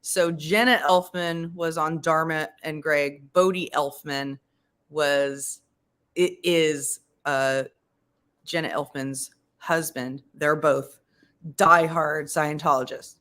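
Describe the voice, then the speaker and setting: A woman hosts a live stream in a loose, chatty commentary style. Her voice sits a little low, and she often circles back and restarts mid-thought while she searches for the right word. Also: fairly even intonation, slow pace, a bit bright. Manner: rambling, with frequent restarts and searching for words.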